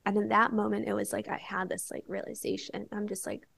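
A young woman speaks as a podcast guest, sharing a personal story in relaxed, candid chat. Her voice has a strong gravelly fry at mid pitch, and she leans on "like" between phrases. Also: fairly quick. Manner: candid storytelling, many filler "like"s. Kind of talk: casual chat.

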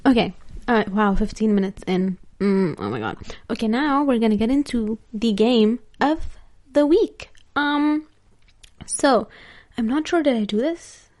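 A woman's voice: on the high side, lively intonation, slow pace, a little mellow. A young woman vlogger telling a story in casual chat, laughing often and using lots of filler words.

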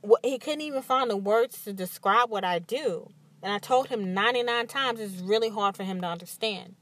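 A woman hosting a podcast, telling stories in an animated, candid way and acting out what others said. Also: mid-range voice, normal speed, dry recording. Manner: animated storytelling with acted-out quotes and frequent laughs; emphatic and candid. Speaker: podcast host. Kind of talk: casual monologue.

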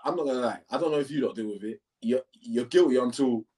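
A young man with telling a school story in casual chat, animated and laughing as he acts out both sides. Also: medium pitch, fast, distant mic, a crowd in the background.

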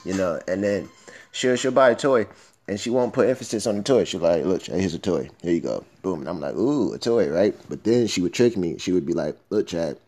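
Fast-talking, profane young man from Miami. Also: deep voice. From Miami, Florida, US. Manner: loose, profane, slangy, animated asides. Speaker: podcast host. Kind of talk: casual storytelling monologue. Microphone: phone recording.

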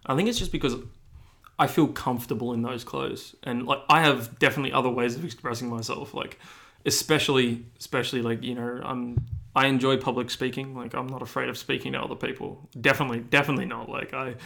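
A man's voice: mid-range voice, steady tone, fast, vocal fry, pushed and bright. A young man co-hosting a podcast, chatting casually with lots of fillers and restarts. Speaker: podcast co-host. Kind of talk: casual chat.

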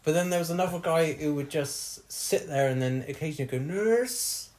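A man's voice: fairly high pitch, fast talker, darkish tone. A man, hosting a podcast and telling a long personal story in casual chat, laughing often as he goes. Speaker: podcast host.

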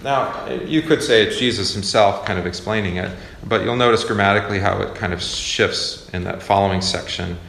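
A man's voice: fairly low pitch, moderate pace, gravelly, few pauses, a bit bright. A man leading a Bible study class, chatting informally, asking questions and correcting himself as he explains a passage. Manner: conversational, self-correcting, asks the class questions. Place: classroom or church meeting room. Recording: echoey room with faint noise.

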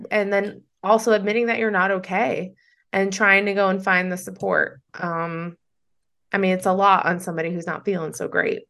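A woman's voice: mid-range voice, creaky, a bit bright. A woman hosting a podcast interview, effusive and encouraging toward her guest. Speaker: podcast host. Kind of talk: casual interview chat.

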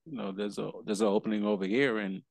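Male podcast host, low voice, rambling and halting, dry close mic. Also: steady tone, gravelly, no echo. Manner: rambling, halting restarts, laughs while venting. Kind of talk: casual conversation.

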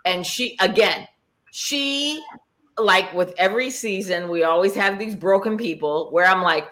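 A woman co-hosting a casual recap chat over a video call, blunt and animated, acting out what others said. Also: fairly low pitch, unhurried. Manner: blunt, animated, acts out quotes. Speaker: podcast co-host.

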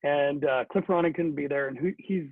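Brisk and gravelly, a fairly high-pitched middle-aged man who played hockey tells a chatty, casual story with many fillers and restarts. The sound is dry and phone-like, with no echo.

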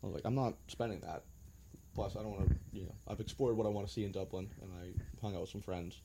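A man's voice: sits low, little pitch movement, rapid-fire, background noise. A young American man telling travel stories in a laid-back, joking way, with some swearing. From United States. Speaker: guest. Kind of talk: casual storytelling.

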